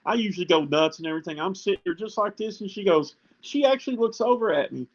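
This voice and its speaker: Man, guest, higher voice, animated storyteller, muffled lo-fi audio. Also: fast talker. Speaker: guest coach. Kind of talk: casual talk show chat.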